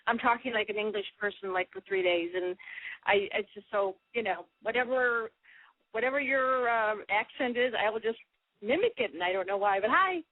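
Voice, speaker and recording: A woman's voice: fairly high pitch, normal speed, no echo. A woman from Michigan with a Midwestern accent, calling in to a radio show, chatty and giggly, rambling. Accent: Midwestern American. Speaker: caller. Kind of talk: call-in radio chat. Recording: dry tinny phone line.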